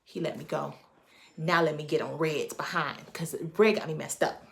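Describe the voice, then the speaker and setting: A woman with a low, gravelly voice and a lot of creak tells a personal story straight to her viewers. She is animated and emphatic, leaning hard into every beat of the tale. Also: normal speed. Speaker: vlogger. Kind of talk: casual storytime.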